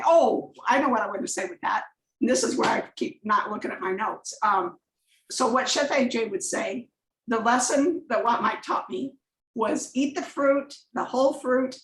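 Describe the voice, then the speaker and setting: A woman with a somewhat high voice talks through slides on a video call, chatty and rambling, often drifting into personal stories. Her voice sounds roomy and echoey. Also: a bit bright. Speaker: guest presenter on a coaching call. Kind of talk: conversational slide presentation.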